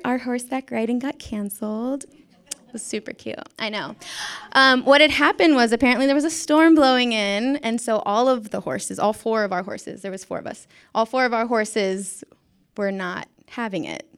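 Chatty young woman with a smooth voice. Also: fairly high pitch, normal speed. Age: young adult. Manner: chatty, self-mocking, acts out quotes, laughs often. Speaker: former schoolteacher. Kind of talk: casual storytelling.

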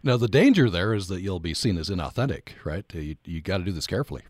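A man's voice: deep voice, big pitch swings, fast, a little mellow, no echo. A male radio host leading an interview and call-in show, conversational and wry.

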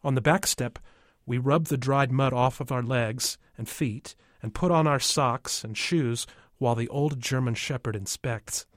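A man calmly narrating a first-person story from a child's view. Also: medium pitch, measured pace, no room sound, clean studio sound. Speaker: audiobook narrator.

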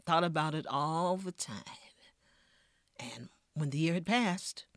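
A woman storyteller, telling a tale with expressive, rhythmic delivery and then talking in an interview. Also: no echo, studio quality. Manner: expressive, rhythmic storytelling with wide swings in pitch and volume. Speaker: storyteller guest.

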